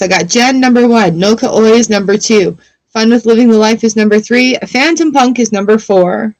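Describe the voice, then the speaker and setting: A woman's voice: on the high side, brisk, no echo. A woman tarot reader chatting casually on a livestream, rambling and laughing often as she pulls cards. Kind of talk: casual livestream chat while reading cards.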